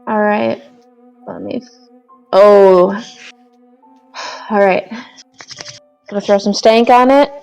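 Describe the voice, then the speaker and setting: A woman's voice: mid-range voice, slow pace, creaky, pauses often, a little mellow, clean tone, recorded from a distance, faint music behind, rough recording. A woman talking casually as a player in a tabletop horror game.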